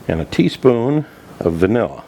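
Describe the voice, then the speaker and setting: A man's voice: medium pitch, very animated, normal speed, heavy background noise. A man from Minnesota hosting a home cooking show, chatting in a homespun way while he explains each step in his kitchen. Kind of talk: folksy cooking demonstration.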